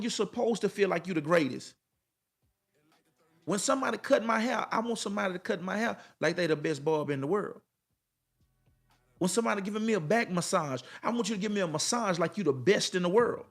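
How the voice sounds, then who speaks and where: Emphatic, high-voiced motivational man. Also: a bit bright. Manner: emphatic, repetitive, preacher-like cadence; colloquial, addresses viewers directly. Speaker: motivational speaker. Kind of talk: motivational monologue to camera.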